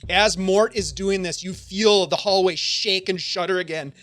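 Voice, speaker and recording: A man's voice: high voice, normal speed, a bit bright. Upbeat man running a tabletop game. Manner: casual, upbeat, filler-heavy. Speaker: game master.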